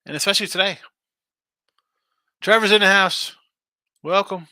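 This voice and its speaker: With a high-sitting voice that's pushed and bright, a man hosts a sports betting stream and reads viewer comments. He talks fast, brashly and sarcastically in a casual way, on a dry, studio-quality recording.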